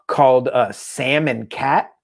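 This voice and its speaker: A man in casual podcast chat, his voice sitting at an ordinary middle pitch. He rambles from one story to the next, chasing tangents. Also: takes it slowly, creaky. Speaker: podcast co-host.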